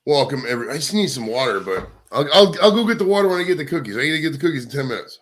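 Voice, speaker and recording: A man's voice: a little high, very animated, rapid-fire, a bit bright. A man hosting a live stream, chatting casually in a crude, rambling, profane way. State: out of breath. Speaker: livestream host.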